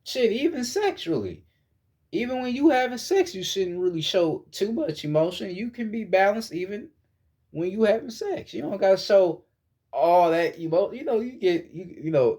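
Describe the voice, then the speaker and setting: Man, fairly high voice, casual spiritual monologue, profane, lecturing, repetitive. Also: sing-song, moderate pace, a little mellow. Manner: blunt and profane, lecturing, repeats himself. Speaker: spiritual vlogger.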